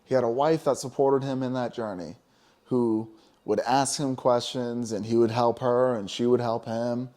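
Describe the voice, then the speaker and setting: A man's voice: mid-range voice, steady tone, normal speed, mellow. A man co-hosting a casual spiritual talk show, talking emphatically and preaching, with many "you know?" asides. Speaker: podcast co-host.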